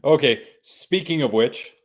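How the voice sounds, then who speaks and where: A man's voice: medium pitch, expressive, measured pace. A male podcast host in casual chat. He jokes, laughs often and repeats himself as he steers the show.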